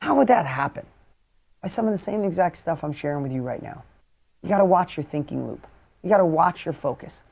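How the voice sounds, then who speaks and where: Guy doing a motivational talk, blunt and fired up, goes loud then quiet. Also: fairly high pitch, a little fast, gravelly. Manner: energetic, blunt, swings from loud to hushed. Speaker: motivational speaker.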